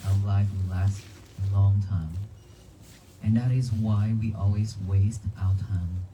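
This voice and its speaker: A monk giving a calm, repetitive dharma talk outdoors at a cemetery, often asking the crowd questions. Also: male voice, on the low side, a little slow. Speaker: Buddhist monk. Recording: noisy outdoor livestream.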